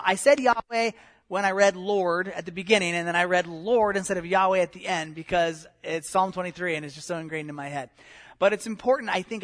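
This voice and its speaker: High-voiced man preaching casually. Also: a bit bright. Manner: conversational, self-deprecating, many fillers and restarts. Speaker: pastor. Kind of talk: sermon.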